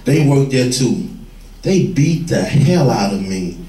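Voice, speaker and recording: A former gang leader telling street stories to young people, vivid and plain-spoken. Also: male voice, mid-range voice, very animated, slow pace, crowd noise. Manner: vivid storyteller, acts out quoted voices. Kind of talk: storytelling talk to a room. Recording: echoey room, far from the mic.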